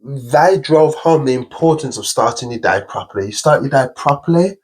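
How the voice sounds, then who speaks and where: A man's voice: mid-range voice, expressive, normal speed, breathy edge. A young man hosting a podcast, talking earnestly and upbeat in casual conversation, often running through long lists. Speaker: podcast host.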